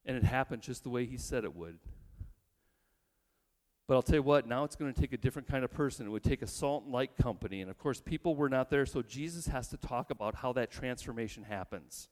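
A man's voice: mid-range voice, a little fast, darkish tone. A male pastor preaching a sermon in a church, emphatic and building long lists, with rhetorical questions to the congregation. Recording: long reverb in a large hall.

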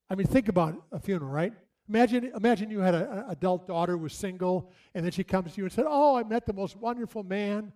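A man's voice: high voice, a little mellow. A man telling a story to an audience, acting out his mother's lines, often repeating himself.

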